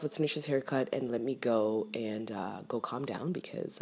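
A young woman telling a casual storytime rant to camera, animated and exasperated, swearing freely. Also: rumbling low, moderate pace, vocal fry, husky. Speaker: vlogger.

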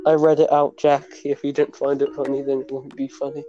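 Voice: medium pitch, completely flat delivery, brisk, dark tone, muffled recording, faint music behind. A young podcast co-host in casual, crude banter with friends. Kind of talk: casual chat.

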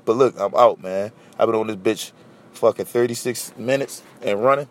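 A young man from Philadelphia with a Philly accent, hosting a casual solo podcast and telling stories in a blunt, profane, animated way. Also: lowish voice, moderate pace. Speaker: podcast host.

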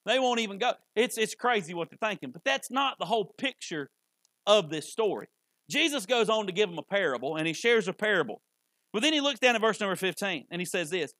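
A man's voice: high voice, lively intonation, a little fast, bright, forceful tone, no echo. A male preacher delivering a folksy sermon, often repeating words as he restarts. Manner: folksy, repetitive, stammers on restarts.

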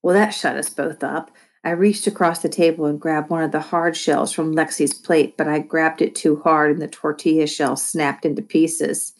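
A woman reads a children's novel aloud, narrating steadily and with expression. Her voice is low for a woman and has a husky grain. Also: fairly even intonation, normal speed. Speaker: reader.

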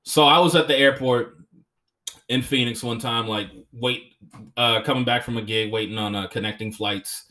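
A young man hosting a podcast, telling stories in an animated way, swearing often and slipping into voices. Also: mid-range voice, moderate pace. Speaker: podcast host and comedian. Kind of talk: casual chat.

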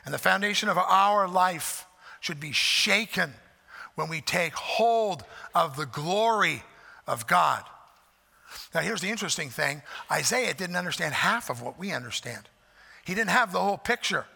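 A man preaching a sermon, emphatic, swelling loud on repeated phrases, with folksy asides. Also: high-pitched, lively intonation, a little slow, vocal fry. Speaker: pastor. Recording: long hall reverb.

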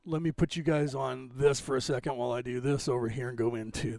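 A man hosting a casual livestream, rambling and interrupting himself while he fixes his screen share, clearing phlegm from his throat. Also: mid-range voice, fairly even intonation, quick pace, hardly any pauses, a little mellow, dry recording, clean studio sound. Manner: rambling, self-interrupting while fixing tech. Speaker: livestream host.

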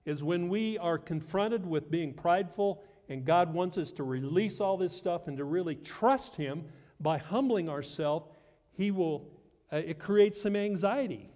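A man's voice: sits high, unhurried, a little mellow, long reverb tail. A middle-aged man preaching a sermon as pastor, conversational and self-deprecating with light humor.

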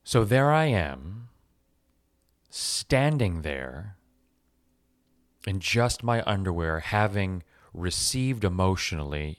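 A man from Los Angeles telling a personal story in an animated, self-mocking way, swearing freely. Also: low-pitched, slow, pauses often, no room sound, studio quality.

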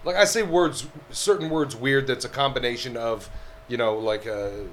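A man's voice: medium pitch, normal speed, a bit bright, a little hiss or hum. A man from Pennsylvania and New Jersey, a podcast guest talking casually, joking and rambling with plenty of swearing. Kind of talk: casual chat.

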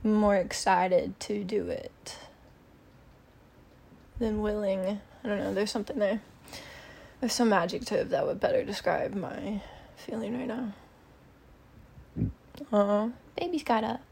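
Slow, gravelly-voiced woman rambling. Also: mid-range voice, fairly even intonation, darkish tone, slight background noise. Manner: meandering, casual, thinks aloud with many fillers. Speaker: podcast host. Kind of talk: rambling solo podcast chat. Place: bedroom at her mother's house.

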